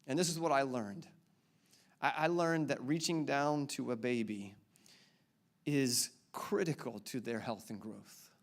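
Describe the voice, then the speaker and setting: A man's voice: medium pitch, a little slow. A man in his thirties, a pastor preaching a sermon in a church and playfully quizzing the congregation with repeated questions. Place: church auditorium before a congregation.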